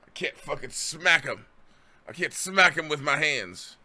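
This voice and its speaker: Streamer guy w a bright punchy voice, swearing and ranting at what he's watching. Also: on the high side, animated, measured pace. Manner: profane, ranting and exasperated. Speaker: streamer reacting to a video. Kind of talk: live stream commentary.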